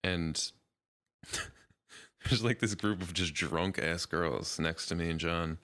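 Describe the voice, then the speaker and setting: A young man speaks in a deep, low voice while co-hosting a podcast. He keeps the banter loose and laughs often, with dry one-liners mixed in. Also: slow pace. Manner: laughs a lot, throws in deadpan jokes. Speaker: podcast co-host. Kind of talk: casual banter.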